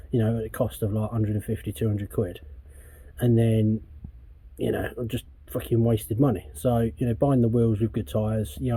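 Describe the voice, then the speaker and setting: A man's voice: fairly low pitch, dark tone, husky. An English man vlogging casually while working on his van outdoors, rambling and swearing often in a laid-back way. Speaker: DIY van customizer vlogger.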